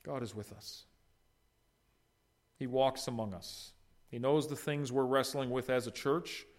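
A man preaching an expository sermon, swinging from loud emphatic peaks to soft low endings, with conversational asides to the congregation. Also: measured pace. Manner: conversational, teases congregants by name. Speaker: pastor.

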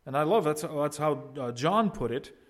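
A man preaching a sermon, swinging between loud, emphatic peaks and quiet asides, and asking the congregation questions. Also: a little high, expressive, moderate pace. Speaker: pastor.

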